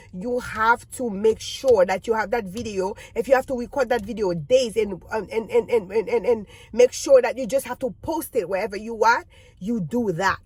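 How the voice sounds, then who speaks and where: Woman, non-native english speaker, vlog advice, breathy voice, fairly high, earnest and halting. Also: darkish tone, no echo. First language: not English. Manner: earnest, halting, repeats words as she restarts sentences. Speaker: YouTuber.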